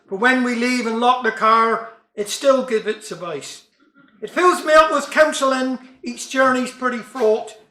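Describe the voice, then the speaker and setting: A man's voice: very high-pitched, sharp tone, reverberant. A man reciting comic verse and jokes in broad dialect with a wry delivery. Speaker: storyteller.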